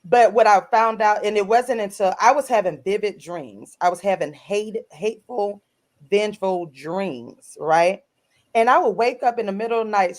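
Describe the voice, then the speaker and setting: A middle-aged woman, an author guest co-hosting a podcast, telling a personal story in an earnest, animated way and acting out other people's lines. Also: medium pitch, normal speed. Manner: earnest, animated, retells scenes in voices.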